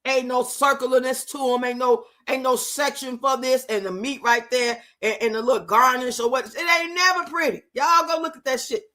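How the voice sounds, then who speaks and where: Bright high-voiced woman roasting on stream. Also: steady tone, normal speed, few pauses. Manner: loud, profane, laughing and teasing, reads out chat comments. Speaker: livestream host. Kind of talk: casual live-stream chat reacting to a reality show.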